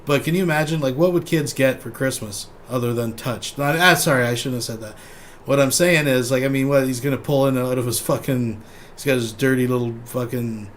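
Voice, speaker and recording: A man's voice: mid-range voice, steady tone, a little fast, a little hiss or hum. A man hosting casual commentary, wry and rambling, trailing off with fillers. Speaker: host.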